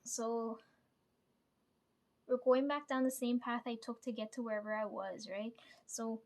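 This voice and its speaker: Woman vlogger, slightly high voice, rambly casual storytelling peppered with "right?" and the odd swear. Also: level tone, a little slow, a little mellow. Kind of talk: casual dream retelling.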